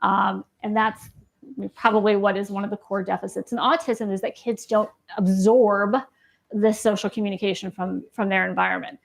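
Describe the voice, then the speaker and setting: A gravelly, mid-range voice with flat delivery and moderate pace belongs to this woman clinician lecturing live in a campus lecture room. She still keeps it casual, asking the audience questions and adding "right?"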